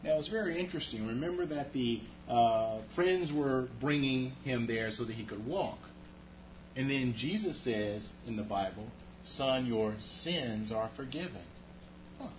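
A man's voice: mid-range voice, animated, moderate pace, slight background noise. A man preaching a sermon as pastor, talking conversationally and speaking to the congregation with rhetorical asides. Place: church sanctuary. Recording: echoey, muffled church hall audio.

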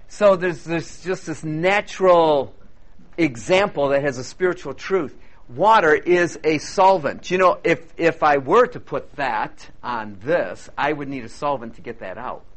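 A male preacher delivering a sermon with a lively, animated delivery, his pitch rising and falling a lot. He talks in a chatty way, bantering with the congregation between points, and his voice sits a little higher than most men's.

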